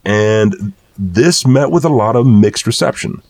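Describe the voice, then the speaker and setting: A man's voice: fairly low pitch, lively intonation, a little slow, a little mellow. A man co-hosting a casual podcast discussion, thoughtful and rambling, with many fillers. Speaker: podcast co-host.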